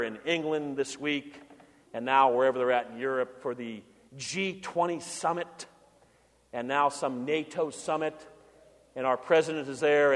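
High-voiced male pastor preaching in a church. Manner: preaching with repeated chanted contrasts, rising to proclaim. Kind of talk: sermon. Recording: long reverb of a church hall.

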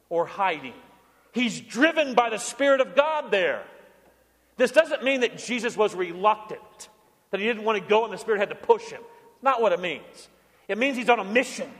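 High-voiced man preaching in reverberant hall. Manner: animated storytelling preacher, acting out quotes. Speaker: pastor. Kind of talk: sermon.

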